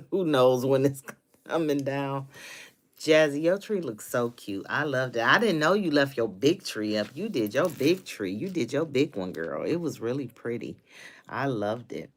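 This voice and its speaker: Chatty woman hosting a live chat. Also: rumbling low. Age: 50s. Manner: chatty, addresses viewers by name. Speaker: livestream host. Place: home office.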